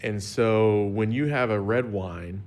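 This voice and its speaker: A man's voice: on the low side, takes it slowly, darkish tone. A man explaining wine pairing in a casual chat, easygoing and plain-spoken. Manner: easygoing, explains with everyday examples. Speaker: wine expert guest.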